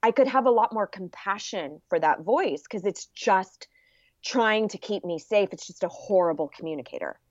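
A woman's voice: mid-range voice, lively intonation, normal speed, no room sound. A woman guest in a casual interview, explaining things earnestly and sometimes acting out an inner voice. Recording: dull lo-fi sound.

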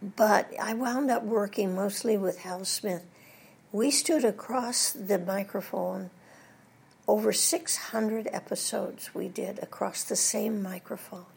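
Gravelly older woman telling showbiz stories. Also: mid-range voice, takes it slowly. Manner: lively anecdote teller, puts on British voices for jokes. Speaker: voice actress guest. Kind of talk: storytelling interview.

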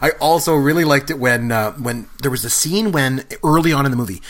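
A man's voice: mid-range voice, animated, fairly quick, a bit bright. A middle-aged man co-hosting a podcast in casual chat, rambling with fillers and restarts. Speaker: podcast co-host.

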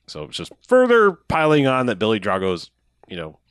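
A man's voice: mid-range voice, huge pitch swings, normal speed, dry recording, clean studio sound. A man casually recapping an old action movie with a friend, laughing often and acting out lines from it. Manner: laid-back, rambling, laughs often, acts out quotes. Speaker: podcast co-host.

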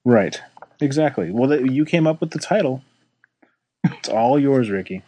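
A man's voice: medium pitch, lively intonation, moderate pace, mellow, slight background noise, low-quality recording. A man co-hosting a casual podcast chat, easygoing and teasing, often restarting his sentences, on a close mic. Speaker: podcast co-host.

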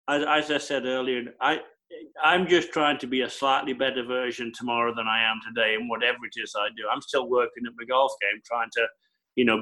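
A man who works as a television presenter, explaining his craft in an emphatic, animated way during an interview. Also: medium pitch, rough recording. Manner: animated, emphatic storytelling with repeated phrases. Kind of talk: conversational interview answers.

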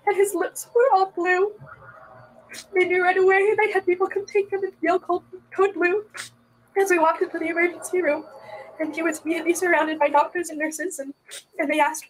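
Woman, very high voice, distraught, tearful, soft-spoken, police interview recording. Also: poor audio. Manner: distraught, voice breaking into tears; soft-voiced, quiet when upset. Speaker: mother being questioned by police.

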